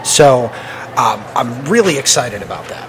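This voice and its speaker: A man's voice: mid-range voice, big pitch swings, unhurried, a bit bright. Male podcast host, mid-range voice, easygoing and joking news rundown, faint background noise. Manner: loose, joking news rundown with many fillers. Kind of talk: casual podcast chat.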